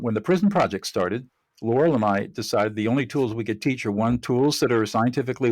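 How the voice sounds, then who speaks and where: A man speaking as a podcast guest, earnest and explanatory, with a mid-range voice. The sound is dry and close, with no room echo. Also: mid-range voice. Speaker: guest, mediator and trainer. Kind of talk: podcast interview.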